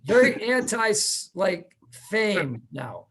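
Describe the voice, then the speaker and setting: A man hosting a casual interview over a video call, chatty and animated, loose with fillers. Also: sits high, takes it slowly. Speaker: podcast host.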